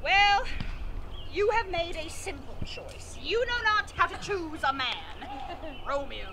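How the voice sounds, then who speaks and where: A woman's voice: very high-pitched, animated, slow pace, heavily acted. A woman playing a chatty, teasing older nurse in an outdoor amateur Shakespeare performance, rambling and giggling as she complains. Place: outdoor park stage. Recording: loud outdoor noise, distant mic.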